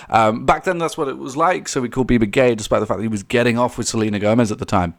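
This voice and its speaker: His medium-pitched voice races along with few pauses as the young man gives loose, rambling commentary for his vlog. Animated and laughing often, he mimics quoted voices mockingly and keeps restarting his sentences amid lots of fillers.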